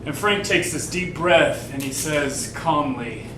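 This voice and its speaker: An actor as a bitter, foul-mouthed man on stage. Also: slow. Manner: profane, rambling, sardonic confessional monologue. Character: bitter, foul-mouthed grown man confiding a family story. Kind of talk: live stage play monologue to the audience. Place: theater stage. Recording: echoey live theater, far from the mic, rumbling noise.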